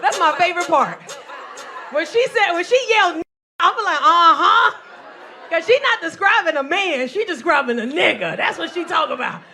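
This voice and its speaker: Brief: high-voiced woman comic in her forties, brash and profane, crowd faint behind. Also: expressive, moderate pace. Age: 40s. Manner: brash, loud and profane storytelling, acting out voices. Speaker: stand-up comedian. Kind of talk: stand-up comedy set. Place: comedy club stage. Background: audience laughter.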